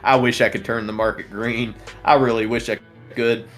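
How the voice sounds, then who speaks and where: A man's voice: mid-range voice, flat delivery, moderate pace, a bit bright, soft background music. Chatty laughing man hosting a livestream. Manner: laughing often, rambling with many restarts. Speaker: livestream trading show host. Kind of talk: casual live chat reading viewer comments.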